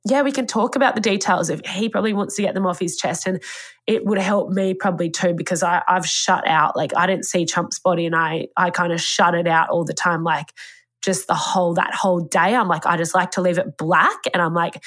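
A woman's voice: on the low side, steady tone, fairly quick, a bit bright. A woman, telling a personal story in a candid, rambling way and swearing freely. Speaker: podcast host. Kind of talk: casual storytelling.

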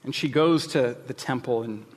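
A man's voice: medium pitch, moderate pace, long reverb tail. A male pastor giving a sermon, candid and jokey, with emphatic asides.

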